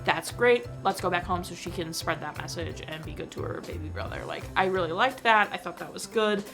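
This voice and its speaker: Over music, a young movie-review vlogger talks briskly in a fairly low voice about a film she watched. It's a casual chat, packed with fillers and emotional side comments.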